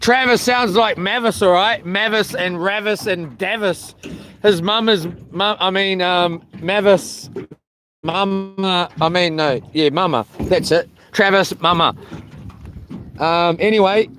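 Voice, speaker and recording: A man's voice: high voice, unhurried, a bit bright, slight background noise. A man, rambling and joking to his live chat from a small boat while fishing, with lots of ums. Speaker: fishing livestreamer.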